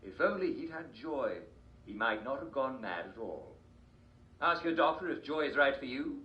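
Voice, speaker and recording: An actor playing a jovial TV show host, using a genial, theatrical announcer delivery. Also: male voice, mid-range voice, lively intonation, normal speed, natural voice. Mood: salesy. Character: smooth, jovial British TV host man. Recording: roomy, distant, dull game broadcast.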